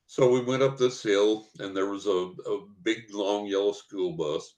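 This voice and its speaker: A man's voice: on the low side, a little slow, darkish tone. An older man, a guest psychic and author, telling a rambling anecdote with chuckles in a casual podcast interview.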